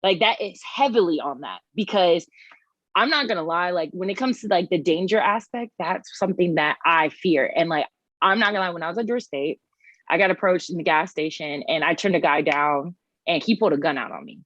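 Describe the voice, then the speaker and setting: A young woman on a chat panel, telling a personal story in an animated way with many "like" fillers. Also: fairly low pitch, a little fast, no echo. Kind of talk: casual chat. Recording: slightly dull, dry sound.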